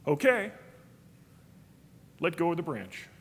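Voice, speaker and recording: A man voicing a calm, patient God who speaks softly and reassuringly. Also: on the high side, takes it slowly, slightly rough, pitched below the performer's own voice, full character voice. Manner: soft-spoken, reassuring. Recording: reverberant hall.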